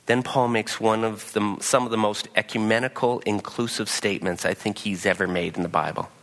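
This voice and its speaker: A man's voice: lowish voice, fairly even intonation, a little fast, fairly bright tone, big-room sound. A man preaching a sermon, telling the story with animation and acting out the quotes himself. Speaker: pastor.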